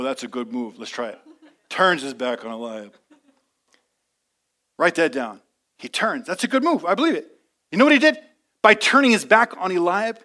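Bright, high-voiced energetic preacher. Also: male voice. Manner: energetic, emphatic, call-and-response. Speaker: pastor. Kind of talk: sermon. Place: church.

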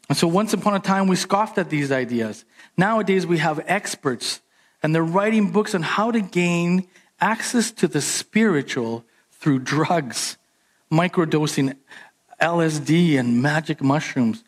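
A man preaching a sermon as pastor, animated and emphatic, jumping up in pitch on his key points. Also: normal speed.

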